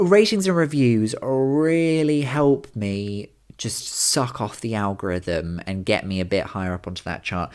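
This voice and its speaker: A British man hosting a podcast, chatty, camp and self-mocking in casual talk. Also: lowish voice. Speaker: podcast host.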